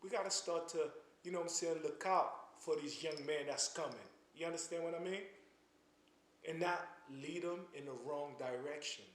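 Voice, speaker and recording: A man speaks in a fairly high voice, lecturing with real passion and tripping over repeated words as he pushes his point. The sound carries a noticeable room echo, as if recorded in a bare space. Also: normal speed, a little hiss or hum. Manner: impassioned, stammering restarts, preachy. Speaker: commentary channel host. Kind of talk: casual spoken commentary to camera.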